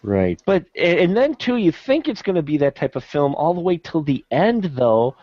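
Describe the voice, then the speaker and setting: A man with a slightly high voice hosts a casual film podcast, laughing often as he questions his guests. The sound is dry and a little muffled. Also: big pitch swings, normal speed, a little mellow, dry recording. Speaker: podcast host. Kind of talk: casual movie discussion.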